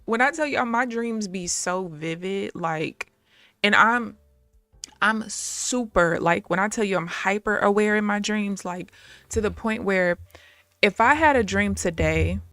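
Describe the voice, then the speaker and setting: A woman telling stories on a live stream, animated and blunt, laughing often and swearing freely. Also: mid-range voice, measured pace, no room sound, faint music behind. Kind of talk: casual storytelling on a live stream.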